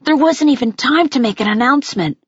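A woman voicing a teenage girl actress, out of breath and hurried after a show. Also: sits high, lively intonation, breathy edge, dry recording, highs cut off. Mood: breathless.

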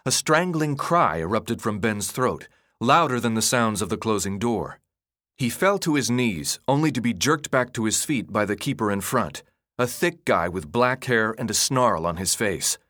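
A man reading a novel aloud in a dramatic, expressive narration style. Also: on the low side, moderate pace, dry recording, clean studio sound. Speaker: audiobook narrator. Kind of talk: scripted narration.

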